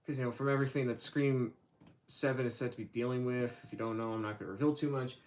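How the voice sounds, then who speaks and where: A man with a mid-range voice and fairly even intonation talks at a quick pace while hosting his own livestream. His casual chat rambles and sounds hesitant, full of fillers and restarts.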